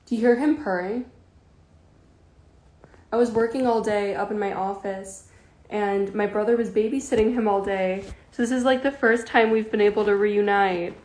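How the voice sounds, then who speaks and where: A woman's voice: mid-range voice, fairly even intonation, moderate pace, a little mellow. A woman in her early twenties chatting casually on a phone livestream from home, giggly and greeting viewers by name. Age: early 20s. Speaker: livestream host. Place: at home with a kitten.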